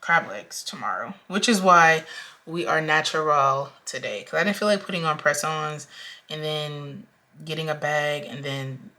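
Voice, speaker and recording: A woman's voice: sits low, measured pace, bright, forceful tone. A young woman talking casually through her budget as a vlogger, counting out amounts aloud with frequent ums. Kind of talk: casual talk-through while cash stuffing.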